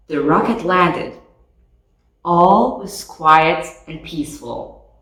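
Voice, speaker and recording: Lady reading a kids book out loud, super slow, sounds far from the mic. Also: lowish voice. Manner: slow, expressive storytelling. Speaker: storybook reader. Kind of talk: reading a picture book aloud. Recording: echoey room, voice off mic.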